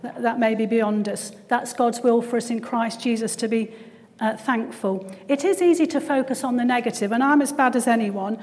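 A woman's voice: a little high, normal speed, a little mellow, in a large hall. A woman giving a conversational church talk, often tagging her points with questions. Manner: conversational, frequent tag questions. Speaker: Christian speaker and GP.

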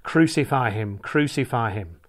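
An angry group of male accusers, as a male scripture reader voices them, insistent and a little louder and higher than the narration. It is still plainly one reader speaking. The reading stays measured rather than acted out. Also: lively intonation, natural voice.

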